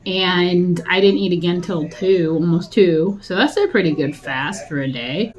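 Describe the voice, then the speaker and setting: A woman's voice: mid-range voice, fairly bright tone. Chatty woman vlogging while eating. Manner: rambling, chatty, laughs often. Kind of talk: casual talking while eating.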